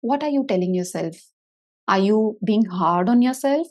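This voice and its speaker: A middle-aged woman therapist giving a motivational talk to parents, expressive and animated, acting out her inner voice with big swings. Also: mid-range voice, normal speed. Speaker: therapist for autistic children.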